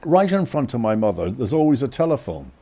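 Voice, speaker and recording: A man telling a funny personal story in an animated, self-mocking way. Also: medium pitch, fairly quick. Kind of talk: comic storytelling.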